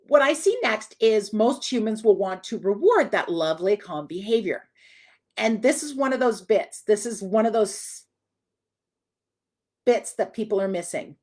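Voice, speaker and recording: A woman dog trainer teaching a live online class in a chatty, direct way. Her voice sits at an ordinary middle pitch. She speaks to viewers as if they are training alongside her.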